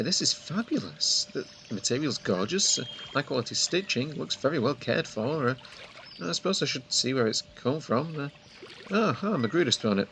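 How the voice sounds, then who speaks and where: A man's voice: a little high, a bit bright. Guy rambling through a game as a jittery tv host, lots of uhs, dry jokes, bouncy voice, game noise behind. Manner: rambling, hesitant, lots of fillers. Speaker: let's play narrator in character as a TV host. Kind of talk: in-character game commentary.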